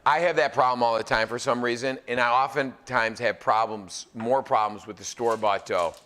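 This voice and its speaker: A celebrity chef host in his forties teases and jokes with a live audience between cooking tips during a demo in a pizza academy kitchen. His voice is mid-range and slightly bright, at a moderate pace.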